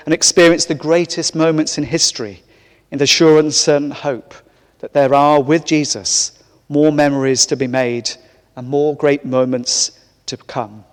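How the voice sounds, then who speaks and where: Vicar preaching in an echoey church. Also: male voice, medium pitch. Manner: warm, conversational preaching with light humor. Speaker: parish vicar. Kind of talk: sermon. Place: large church.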